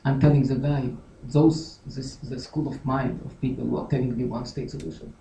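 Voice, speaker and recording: A man's voice: medium pitch, steady tone, a little fast, creaky, few pauses, warm tone. Emphatic man lecturing in an echoey hall. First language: Hebrew. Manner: emphatic, repetitive, rhetorical. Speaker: guest lecturer. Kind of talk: lecture Q&A answer. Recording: echoey hall, distant, dull.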